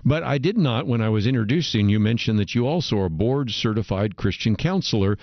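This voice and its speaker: A man hosting a faith radio program, interviewing a guest in a measured way. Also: medium pitch, animated, no echo. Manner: measured, leads into segments and breaks. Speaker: radio show host. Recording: dry, dull lo-fi radio audio.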